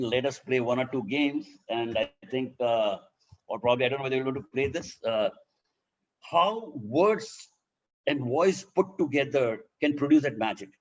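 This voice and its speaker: A man's voice: medium pitch, lo-fi sound. A man with an Indian accent giving a public speaking lesson, demonstrating points by voicing example sentences. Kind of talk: instructional talk.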